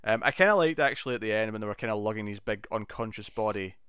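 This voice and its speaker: A man talks through an episode with his co-host in lively, animated bursts, jumping into little acted-out lines along the way. His voice comes through smooth and clean on a close, dry mic with almost no room sound. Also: fairly low pitch, fast talker, no room sound. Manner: animated, enthusiastic, quotes scenes in bursts. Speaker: podcast co-host. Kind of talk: casual chat.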